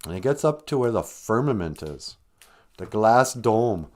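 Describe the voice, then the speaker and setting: A man's voice: on the low side, big pitch swings, measured pace. A man hosting a podcast, telling a comic fairy tale in a rambling, jokey way. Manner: rambling, jokey, laughs at own story. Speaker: podcast host. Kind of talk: comic storytelling.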